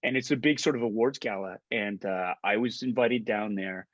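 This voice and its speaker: A middle-aged Canadian actor, a guest on a video call interview, speaks at normal speed in a lowish voice; the audio is dull with no room sound. He tells stories animatedly and casually, stammering into restarts and acting out quoted dialogue.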